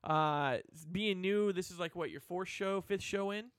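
A man hosting a rock radio show, talking fast and teasing his co-host. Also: high-pitched, fairly bright tone, clear, resonant tone, dry recording, clean studio sound. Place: radio studio.

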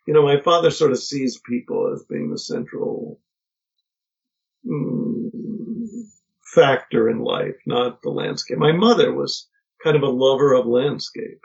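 A middle-aged man, a podcast guest, telling family stories in a reflective, halting way with many pauses and restarts. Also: medium pitch, vocal fry, a little mellow, breathy edge. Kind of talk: casual conversation. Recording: dull lo-fi podcast audio.

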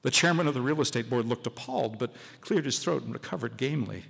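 Gravelly man reading a story live. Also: medium pitch, animated, fast talker, a bit bright. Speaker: story reader. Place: large public hall on stage. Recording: live hall, long reverb.

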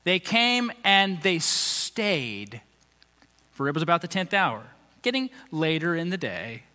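A man delivers a sermon in a loose, conversational way, slipping into quick voices for the people he quotes. His voice is high and bright, and it rings with the long reverb of a big hall. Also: big pitch swings. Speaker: pastor.

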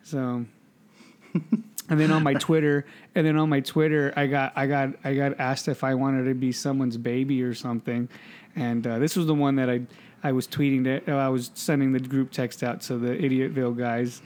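A man's voice: mid-range voice, little pitch movement, normal speed, darkish tone, smooth. A man co-hosting a podcast, telling stories in casual chat, swearing freely and laughing as he talks. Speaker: podcast co-host.

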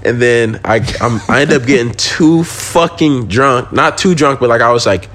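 A young man telling a story on a podcast in loose street slang, cursing and laughing as he goes. His voice sits in an ordinary middle pitch and he speaks casually. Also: moderate pace, a bit bright. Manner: slangy, swearing, laughs while telling stories. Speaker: podcast guest.

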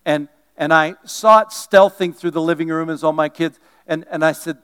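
A middle-aged male pastor preaching a sermon, swinging from loud, driving bursts to quiet asides and jokes. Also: fairly high pitch, steady tone, normal speed, smooth.

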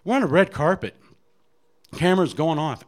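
A man giving an earnest personal faith testimony to an audience, animated as he acts out other people's lines, with frequent restarts. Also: on the high side, moderate pace. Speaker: guest speaker giving testimony.

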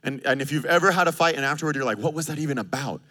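A pastor in his thirties delivers a sermon in a bright, forceful voice. He is animated and joking, and he acts out both sides of quoted arguments. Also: fairly high pitch, racing.

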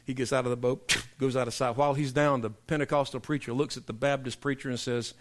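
A man preaching a sermon, telling joke stories in a folksy way, then building into loud emphatic preaching. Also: medium pitch, fairly even intonation, quick pace. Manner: folksy storyteller, swings from soft asides to loud emphatic preaching.

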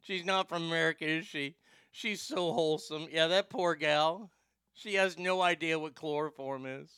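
A man's voice: fairly high pitch, fairly even intonation, moderate pace, sharp tone, clean tone, dry recording, clean studio sound. A man hosting a talk show, pranking a call center and joking about it afterward with stammering restarts. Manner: jokey, giggly, stammering restarts. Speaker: show host making prank calls.

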